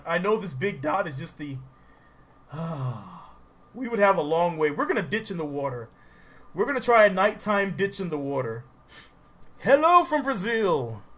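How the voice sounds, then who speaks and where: Excitable high-voiced male game streamer. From Southern US. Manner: excitable, laughs often, greets chat viewers. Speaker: game livestreamer. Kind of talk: casual livestream commentary while playing.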